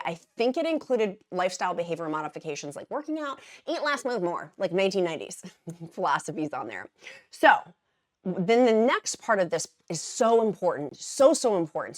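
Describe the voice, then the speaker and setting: A woman vlogger talking casually and emphatically to her viewers, repeating words for stress and dropping into quieter asides. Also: lowish voice, expressive, brisk. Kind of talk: casual explainer vlog.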